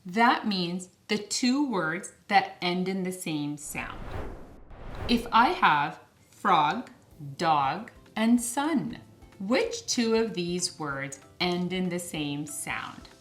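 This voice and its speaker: A woman teaching young children phonics in a slow, clear, sing-song way, stretching each word out. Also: faint music behind. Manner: sing-song, stretches words slowly with lively pitch.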